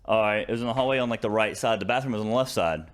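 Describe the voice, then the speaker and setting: This podcast co-host, a young man with a Southern American accent, talks rapid-fire in a lowish voice. His long story wanders, full of fillers and restarts, and he laughs through it on the casual show.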